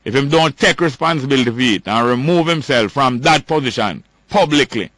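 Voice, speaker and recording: A man's voice: mid-range voice, lively intonation, a little fast, a bit bright, no echo. A man with a Jamaican accent giving political commentary as a talk host, ranting emphatically and repeating his points.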